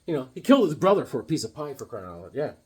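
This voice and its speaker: A man's voice: medium pitch, big pitch swings, racing, a little mellow, husky. A man hosting a casual comic book collecting vlog, playful and rambling with goofy jokes.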